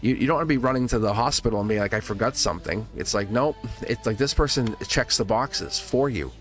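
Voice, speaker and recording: A man's voice: mid-range voice, fairly quick, soft background music. A man hosting a live tarot reading, talking casually and encouragingly to his viewers, laughing often and restarting his words. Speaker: tarot reader hosting a livestream.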